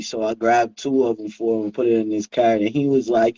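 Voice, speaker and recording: A man co-hosting a casual chat show, telling stories in a relaxed way with lots of fillers and laughs. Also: medium pitch, normal speed, dull audio. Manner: relaxed storytelling, laughs often, many fillers. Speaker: co-host.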